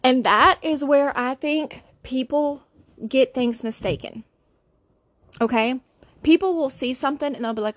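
Solo podcast host, woman in her 30s, bright higher voice, dry close sound, chatty storyteller. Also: a little slow, no room sound. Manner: chatty, laughing, playful impressions. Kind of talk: casual storytelling chat.

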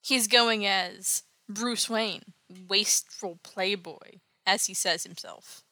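A woman's voice: medium pitch, takes it slowly, pushed and bright, no room sound. A woman host casually recapping an old comic with wry, sarcastic asides. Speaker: podcast host.

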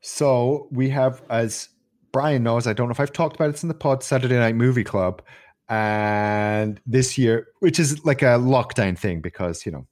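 Male podcast co-host, mid pitch, irreverent comic storyteller. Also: moderate pace, a little mellow. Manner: swearing, jokey, acts out voices in his stories. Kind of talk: casual chat.

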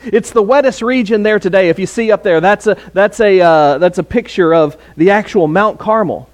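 A man's voice: sits high, moderate pace. A man preaching a sermon in a conversational way, with fillers and restarts.

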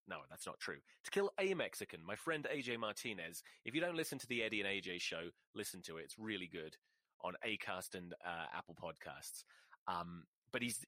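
A man hosting a podcast, rambling casually with profane, dark jokes into a close mic. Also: lowish voice, no echo. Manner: rambling, profane, darkly joking. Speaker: podcast host. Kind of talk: casual monologue.

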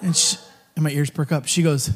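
A man preaching to a live group, telling a funny testimony story in an animated, joking way. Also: on the high side, a little fast, slightly rough. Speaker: guest preacher.

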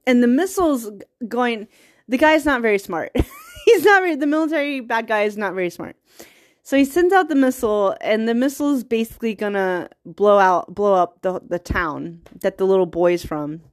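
A woman's voice: fairly high pitch, lively intonation, moderate pace. A young woman eagerly retelling a film's plot in casual, rambling talk, laughing often and getting teary. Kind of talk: casual movie recap.

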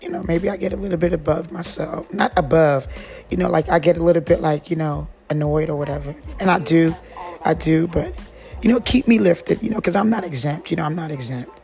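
A woman from North Carolina talks about her faith on her podcast, long-winded and rambling. She is in her forties and keeps circling back with "you know what I'm saying." Soft music plays quietly underneath. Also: low voice, fairly quick, vocal fry. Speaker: podcast host. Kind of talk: casual faith talk.

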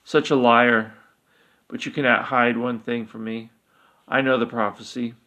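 A man's voice: mid-range voice, level tone, measured pace, pushed and bright. A man voicing a bulky, menacing male god who speaks with scornful authority. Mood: commanding. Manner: authoritative, bellowing and crooning.

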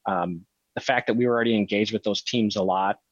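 A man co-hosting a casual podcast, chatting in an animated, storytelling way. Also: lowish voice, fairly quick, dry recording. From Wisconsin. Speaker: podcast co-host. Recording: dry, slightly muffled audio.

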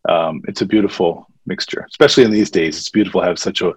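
A man's voice: low voice, fast, slightly rough. A man talking earnestly as a guest in a casual conversation, often repeating his phrases. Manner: earnest and faith-centered, speaks in warm repeated phrases. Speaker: podcast guest.

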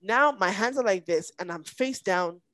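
A woman recounts a frightening personal experience as a podcast guest. Her telling is intense and halting, sometimes breaking off with emotion, at a middle pitch for a woman. The sound is dry and close. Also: animated, a bit bright, no echo, poor audio. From Nigeria.

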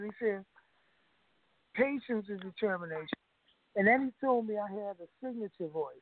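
A man's voice: high voice, normal speed, long pauses, no echo. Man telling a story over a phone line. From United States. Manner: rambling, laughs often, frequent filler and restarts. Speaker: guest musician. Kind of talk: anecdotal storytelling.

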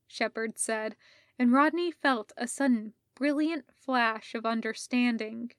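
Woman reading fanfic aloud, really slow and even, kinda high voice, dry close sound. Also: no echo. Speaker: audiobook reader. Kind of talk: fan fiction audiobook narration.

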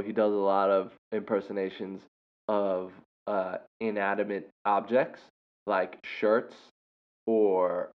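A young man casually telling a funny story about a first grader, laughing often and breaking into loud impressions. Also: lowish voice. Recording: dull lo-fi sound.

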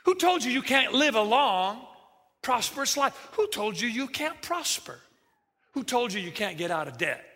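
Pastor, male, bright high voice, animated sermon delivery, big echoing hall. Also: moderate pace. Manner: animated, acts out quoted voices, jokey asides. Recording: reverberant hall sound.

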